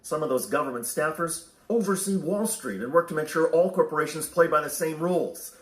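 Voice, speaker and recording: A man's voice: fairly high pitch, a little fast, echoey room. A man reading scripted news narration in a pointed, editorializing way.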